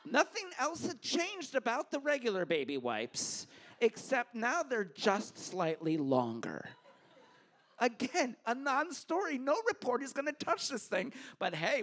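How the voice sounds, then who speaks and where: A man telling a true story on stage at a story slam, animated and self-mocking, acting out the dialogue. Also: high-pitched, measured pace. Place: stage at a public hall.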